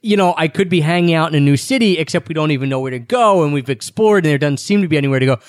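A man's voice: a little high, rapid-fire, no echo. A young man co-hosting a casual travel chat, talking in a rambling, self-deprecating way. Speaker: travel podcast co-host.

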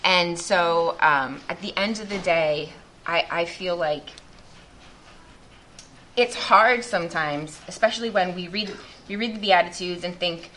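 A woman's voice: lowish voice, unhurried, fairly bright tone, a little hiss or hum. A woman speaking to a group as a missionary, giving an earnest, reflective faith testimony with many restarts.

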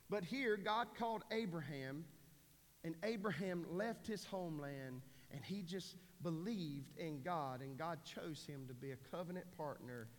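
A man in his forties preaches to his congregation in a plain, earnest, down-home way, often restarting his sentences. His voice sits high for a man, and it carries through a church hall with a long, lingering echo. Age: 40s. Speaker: pastor. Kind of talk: sermon. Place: church sanctuary.

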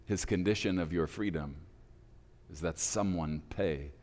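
A man voicing a somber, powerful, wealthy father who speaks slowly, quietly and gravely. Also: low-pitched, long reverb tail.

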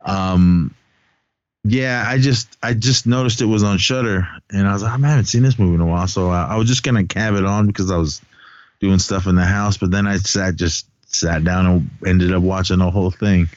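A man's voice: low-pitched, fairly even intonation, normal speed, no room sound, lo-fi sound. A man co-hosting a movie podcast, talking casually and rambling with lots of fillers and laughs. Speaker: podcast co-host.

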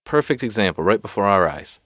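A man's voice: fairly low pitch, big pitch swings, a little fast, fairly bright tone, no room sound, studio quality. A man doing a flustered, panicky reporter. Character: panicky male reporter, talking his way out.

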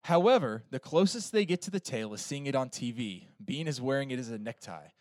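A man's voice: medium pitch, expressive, fairly quick, no echo, clean studio sound. A man on a film podcast reading a plot summary and adding casual remarks with fillers. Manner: reads the plot steadily, with fillers when he ad-libs.

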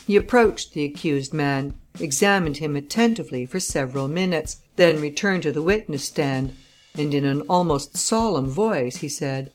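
A woman narrating an audiobook chapter in a measured, even storytelling manner. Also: low-pitched, faint music behind. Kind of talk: scripted narration.

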